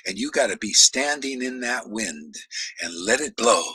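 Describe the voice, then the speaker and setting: Forceful, husky male preacher. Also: medium pitch, lively intonation, normal speed, dry recording, rough recording. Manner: confrontational, profane, shouting challenges. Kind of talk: sermon.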